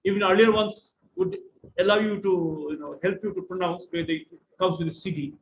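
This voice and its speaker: A man's voice: high-pitched, fairly even intonation, fairly quick, a little hiss or hum, low-quality recording. A man with an Indian English accent giving an online lecture to students, explaining patiently and spelling words out letter by letter over a video call.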